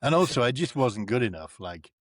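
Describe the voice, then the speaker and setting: A man from North East England, a comedian and actor chatting as a guest and acting out the people in his stories with big leaps in pitch. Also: brisk, no echo, studio quality. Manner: animated storyteller who acts out quoted people with big pitch jumps. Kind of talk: casual chat.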